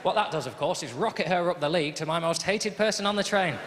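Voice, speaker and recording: Sardonic comedian in an echoing hall. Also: male voice, fairly high pitch, quick pace, very noisy. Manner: sardonic, grumbling, storytelling. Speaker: stand-up comedian and host. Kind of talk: live stand-up routine. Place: large theatre stage with live audience. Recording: echoey hall, loud audience laughter.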